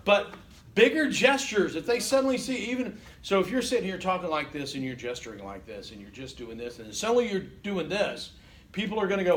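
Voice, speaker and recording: A man's voice: sits high, lively intonation, fairly quick, a bit bright. A man teaching a college class in a casual, conversational lecture, often checking in with "okay?" and acting out what listeners might be thinking. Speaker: college instructor.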